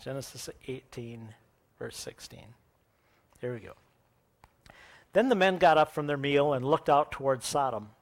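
A man's voice: mid-range voice, a little slow, long pauses. A man preaching, reading a scripture passage aloud and then explaining it in a conversational teaching manner, correcting his own slips as he goes.

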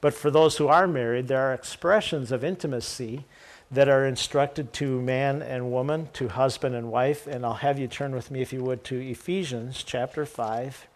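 A man's voice: mid-range voice, fairly even intonation, moderate pace. A man preaching a sermon, reading scripture aloud and then explaining it casually with jokes and asides to the congregation. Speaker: pastor.

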